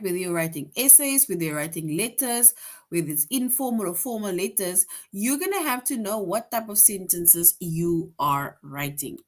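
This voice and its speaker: A woman teaching young students sentence types in a calm, mid-pitched voice. She explains patiently and keeps checking in with a quick "right?". Example sentences come out slower and more deliberate. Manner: explains patiently, tag question "right?" after most points; reads example sentences slowly with emphasis. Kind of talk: online grade-school grammar lesson.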